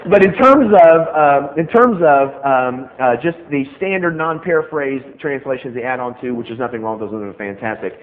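Man, middle-aged, sermon, emphatic repetition, very lively pitch, phone-like recording. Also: brisk, hardly any pauses, background noise. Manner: animated, emphatic, repeats key phrases. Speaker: preacher. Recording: tinny phone-like sound.

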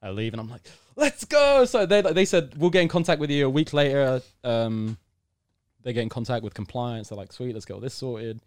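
Young guy telling a story on a podcast, gets loud and excited, dry close sound. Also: medium pitch, brisk, no echo. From United Kingdom. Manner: animated storyteller, acts out quotes, bursts into loud excitement. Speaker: podcast guest. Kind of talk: casual storytelling.

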